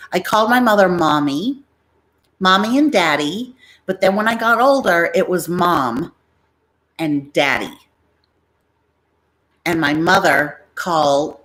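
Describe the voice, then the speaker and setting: A woman's voice: low voice, fairly bright tone. A middle-aged American woman hosting a livestream, telling rambling family stories in a casual, chatty way and slipping into voices of her relatives. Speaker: livestream host selling bags.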